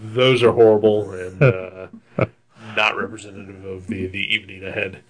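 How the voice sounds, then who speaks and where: A man's voice: fairly low pitch, level tone, normal speed. A young man telling a long story on a casual talk show, rambling with many fillers, laughing often and swearing freely. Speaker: podcast co-host telling a story. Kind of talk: casual chat.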